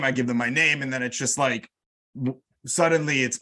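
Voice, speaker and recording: A man's voice: mid-range voice, steady tone, moderate pace, pushed and bright. A man from New York with an American accent, hosting a podcast in a chatty manner and laughing often. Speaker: podcast host. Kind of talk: casual chat.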